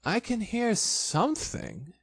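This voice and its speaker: A steady, kind small boy speaks gently and calmly, as a man voices him for a storybook. The voice sits a little raised. The sound is dry and close. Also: extremely high pitch, slow pace, slightly rough, no echo, voice pushed up, full character voice.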